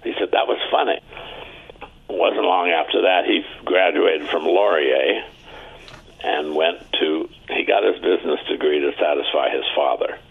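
A man in his seventies from Ontario, Canada, telling stories in an interview, chatty and anecdotal, acting out what others said. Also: moderate pace. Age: 70s. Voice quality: very deep, gravelly and husky. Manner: chatty anecdotal storyteller, acting out quoted voices. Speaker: interview guest. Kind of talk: storytelling interview. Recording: tinny phone-like line.

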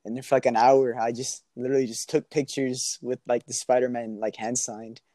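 A man's voice: medium pitch, level tone, fairly quick, warm tone, no echo, studio quality. A young man telling a story in a casual, slangy way and laughing often. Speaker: guest.

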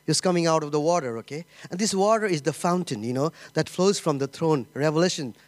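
A middle-aged man giving an informal sermon, halting and repeating himself, often saying "you know" and "okay?". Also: a little high, dry recording. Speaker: pastor.

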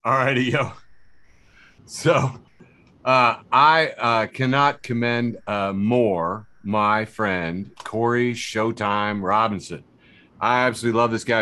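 A man's voice: medium pitch, pushed and bright. A man hosting a casual comedy podcast, rambling with lots of fillers and frequent laughs. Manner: rambling, many fillers and restarts, laughs often. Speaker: podcast host.

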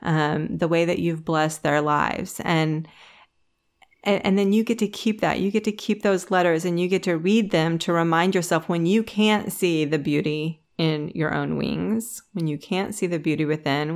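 A woman co-hosting a casual podcast chat, telling a story with lively quoted voices and frequent restarts. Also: lowish voice. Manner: storytelling, animated when quoting others. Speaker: podcast co-host.

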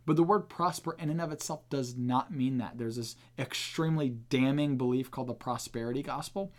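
An earnest man hosts a podcast and teaches in a casual way. His voice is mid-pitched, and he leans hard on key words as he explains. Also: fairly quick. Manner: earnest, emphatic, with restarts. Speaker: podcast host teaching the Bible.

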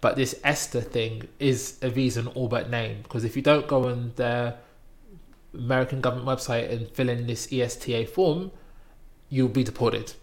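A man with a gravelly, rough-edged voice talks through a travel anecdote in relaxed conversation. He is from Britain and animates the story, putting on louder voices for the people in it. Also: medium pitch, normal speed. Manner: animated storytelling, acting out quoted voices loudly. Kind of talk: casual chat, anecdote.

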